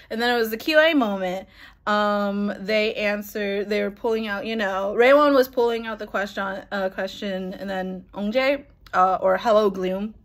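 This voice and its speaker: A young woman telling an excited, rambling story in casual chat, laughing and swearing as she goes. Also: mid-range voice. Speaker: vlogger.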